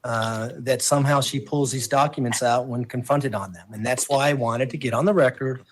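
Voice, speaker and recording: A man's voice: mid-range voice, normal speed, slight background noise. A man cross-examining a witness in court as prosecutor, asking pointed, pressing questions.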